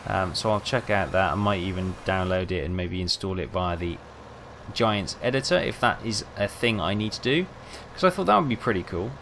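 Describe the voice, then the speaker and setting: A man's voice: sits low, expressive, moderate pace, a bit bright, slight background noise. A young man rambling casually, telling self-mocking stories over gameplay. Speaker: gaming video host.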